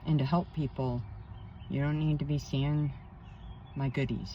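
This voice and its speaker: Slow-talking woman rambling outdoors. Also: low voice, fairly even intonation, warm tone, muffled recording, slight background noise. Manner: emphatic, rambling, indignant asides. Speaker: spiritual counselor. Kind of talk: rambling personal vlog. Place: outdoors by a pond.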